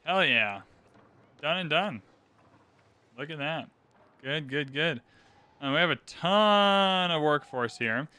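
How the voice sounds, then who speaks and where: A man narrating his own strategy game session with a bright, lively voice and a fairly high pitch. His speech is clear and smooth, chatty and upbeat as he explains each move. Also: slow, long pauses. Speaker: gaming channel host. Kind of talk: casual gameplay commentary.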